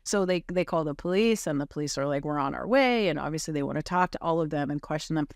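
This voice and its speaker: A woman on a podcast telling a moving personal story in an earnest, halting way, with many fillers and restarts. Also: sits low, lively intonation, no echo, studio quality.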